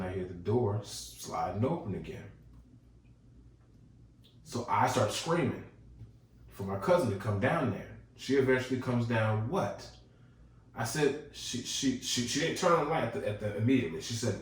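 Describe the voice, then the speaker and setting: A man's voice: on the low side, moderate pace. Man telling a ghost story, echoey room. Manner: animated ghost-story telling, chuckles through it. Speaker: podcast host. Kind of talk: casual storytelling. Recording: echoey room, distant mic.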